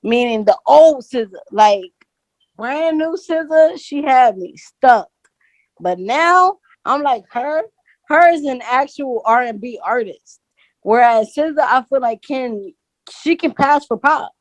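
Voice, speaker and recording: A woman's voice: high voice, lively intonation, measured pace, dry recording. Insistent woman arguing on a podcast. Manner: insistent, repeats her points, gets loud. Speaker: podcast co-host. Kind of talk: heated casual debate.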